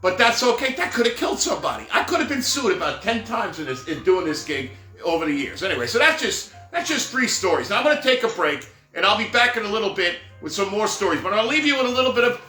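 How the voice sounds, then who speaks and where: Middle-aged guy spinning santa stories, bright high voice, echoey room, faint music. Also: fast. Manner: rambling, animated, full of asides like "right?" and "whatever". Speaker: professional Santa performer telling stories. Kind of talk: casual storytelling monologue. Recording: roomy echo with faint music behind.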